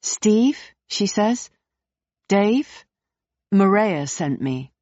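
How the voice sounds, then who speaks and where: A narrator voicing a nervous, polite young woman asking careful questions, pitched higher than the narration, on a dull, dry recording. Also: expressive, drawn-out words, darkish tone, no echo. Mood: inquisitive. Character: nervous, inquisitive young woman searching for someone.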